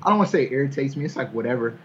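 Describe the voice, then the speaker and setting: A man's voice: medium pitch, animated, very fast, slight background noise. A man rambling in casual talk, circling his point with plenty of asides. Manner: rambling, lots of fillers and restarts. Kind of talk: casual wrestling chat. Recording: husky, dull lo-fi sound.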